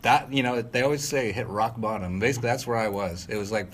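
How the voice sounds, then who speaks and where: A man's voice: mid-range voice, fast, a little hiss or hum. A middle-aged man recounting a personal story as an interview guest, rambling with many fillers and restarts and breaking into short laughs. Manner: rambling, frequent fillers and self-corrections, laughs mid-sentence. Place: at home.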